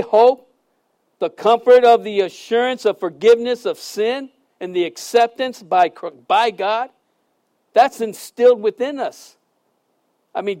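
A middle-aged man preaching a conversational sermon, telling stories with sudden loud and soft swings and repeating phrases for emphasis. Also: high voice. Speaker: pastor.

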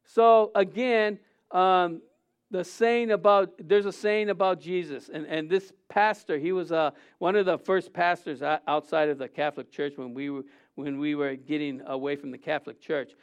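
A man preaching an informal sermon, halting often and asking rhetorical questions. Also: fairly high pitch, steady tone, clean tone.

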